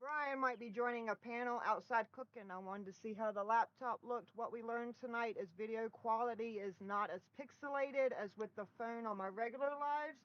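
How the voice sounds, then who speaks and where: A woman's voice: fairly high pitch, moderate pace, few pauses, no echo, highs cut off. A middle-aged woman hosting a casual live stream from home, chatting with viewers and often breaking into laughter, recorded on a laptop mic. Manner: giggly, bursts of laughter. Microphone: built-in laptop microphone.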